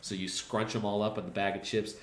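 A man co-hosting a podcast, casually recapping movies in a rambling, profane, deadpan jokey way with quick voiced asides. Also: on the low side, reverberant. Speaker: podcast co-host.

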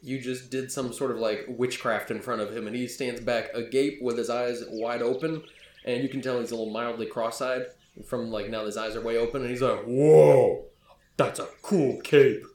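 A man's voice: medium pitch, flat delivery, a little fast. A man narrating a tabletop game as game master in a casual, rambling way. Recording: echoey room with faint hum.

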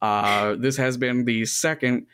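This podcast co-host keeps things casual, frank and jokey, with some swearing mixed in. He speaks slowly in a medium-pitched, fairly even voice that is clear, resonant and slightly bright, captured in a dry, clean studio recording.

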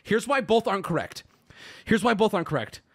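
High, animated man ranting to chat. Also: a little fast. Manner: exasperated, profane, argumentative ranting. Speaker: streamer. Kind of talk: livestream rant to chat.

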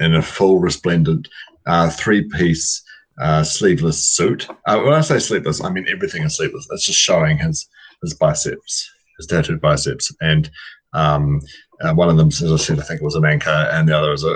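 A man's voice: extremely low pitch, breathy edge, poor audio. A man narrating his tabletop game turn, rambling and hesitant with many fillers. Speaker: player.

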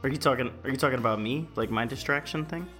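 Bright-voiced man player, rambling. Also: medium pitch, quick pace, soft background music. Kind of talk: casual tabletop game chat.

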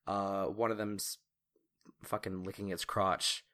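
A young man running a tabletop role-playing game, describing the scene loosely with lots of fillers and easy laughter. His voice is bright and forward while sitting somewhat low. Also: flat delivery, slow pace. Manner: loose, chatty, laughs often, many fillers. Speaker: game master.

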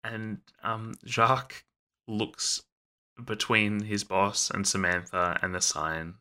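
A man narrating his character's actions in a tabletop role-playing game, pausing often with fillers. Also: on the low side, sharp tone, smooth. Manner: hesitant, with many fillers. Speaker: player.

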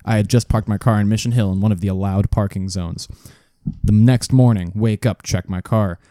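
A man's voice: lowish voice, steady tone, moderate pace, warm tone, no room sound, clean studio sound. A man casually telling a rambling story on a podcast, swearing freely and correcting himself as he goes. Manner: rambling, profane, self-correcting. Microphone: studio desk mic.

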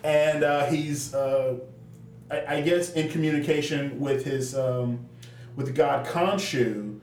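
A man's voice: medium pitch, takes it slowly, a little mellow, recorded from a distance. Rambling man in an echoey room. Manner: rambling, many fillers and restarts. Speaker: podcast co-host. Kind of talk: casual comic book chat. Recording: echoey room, off-mic, faint noise.

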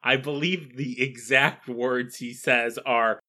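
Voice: medium pitch, steady tone, slow, hardly any pauses, sharp tone. A podcast co-host recapping a film in casual chat, with dry, wry jokes.

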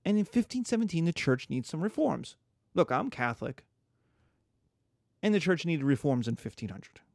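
A man giving a casual history lecture, animated and jokey, acting out quotes as he goes. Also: a little high, normal speed, vocal fry, no echo, studio quality. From United States.

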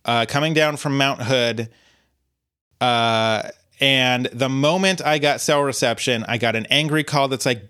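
Podcast co-host guy, crisp clear voice, rambly casual storyteller. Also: mid-range voice, measured pace, sharp tone. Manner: rambling storyteller with many fillers and restarts.

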